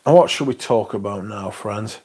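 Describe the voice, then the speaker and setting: A man's voice: lowish voice, moderate pace, a little mellow, husky. A man hosting a casual livestream, reading out viewer comments in a laid-back, rambling way and swearing now and then. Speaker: livestream host.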